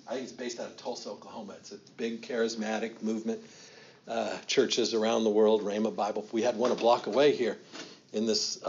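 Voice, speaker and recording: A man's voice: on the low side, lo-fi sound, a little hiss or hum. A middle-aged man, a pastor, teaching a sermon on scripture in a conversational way, repeating himself and asking the room questions.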